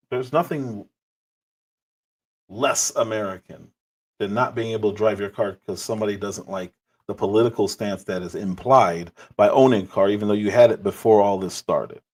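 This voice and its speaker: Low-voiced man in sarcastic commentary. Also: breathy edge. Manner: incredulous, sarcastic asides. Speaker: livestream host reacting to clips. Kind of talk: casual commentary.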